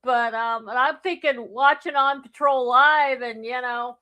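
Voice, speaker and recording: A woman's voice: high voice, fairly even intonation, a little slow, bright, forceful tone. A woman co-hosting a podcast in casual chat, teasing and laughing often. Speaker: podcast co-host.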